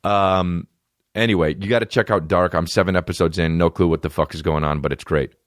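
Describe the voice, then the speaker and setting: A man's voice: sits low, steady tone, brisk, no echo, studio quality. A man in his thirties hosting a comedy podcast, riffing profanely and slipping into mocking voices. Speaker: podcast host.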